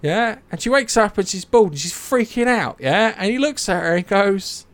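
A young man casually retelling myths, animated, swearing and acting out the characters' lines. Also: high voice, normal speed. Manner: animated storytelling, swears, acts out quotes. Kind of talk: casual chat.

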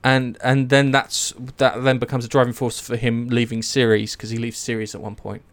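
A man's voice: medium pitch, level tone, normal speed, no echo. Rambling enthusiastic man, dry sound. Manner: enthusiastic, rambling, many fillers and restarts. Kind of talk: casual chat.

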